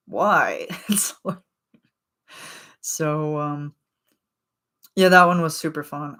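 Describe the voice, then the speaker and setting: Low-voiced, rambling woman streamer. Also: fairly bright tone. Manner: rambling and chatty, with frequent fillers and laughs. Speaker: livestream host. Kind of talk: casual livestream chat.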